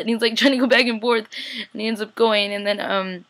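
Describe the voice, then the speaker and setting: A woman's voice: a little high, steady tone, fairly quick, a bit bright. A young woman casually recapping a TV episode, chatty and slangy, acting out the characters' lines. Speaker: TV recap vlogger.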